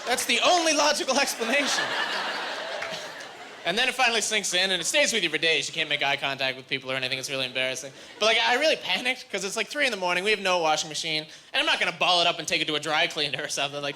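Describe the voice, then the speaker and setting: A young man doing a stand-up routine on a comedy club stage, animated and jumping into high squeaky voices when acting out scenes. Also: fast, background noise. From Canada. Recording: live club recording with audience laughter.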